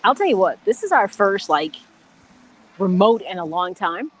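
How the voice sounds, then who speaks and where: A woman's voice: mid-range voice, sing-song, normal speed, breathy edge. Woman cohost chatting away on a remote broadcast, keeps saying you know. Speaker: co-host. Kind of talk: live sports radio chat. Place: golf country club, on location.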